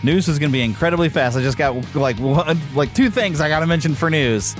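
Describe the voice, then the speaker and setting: This podcast host talks briskly in a slightly high voice through a podcast microphone, faint music in the background. His casual chat is upbeat and rambling, packed with fillers and false starts.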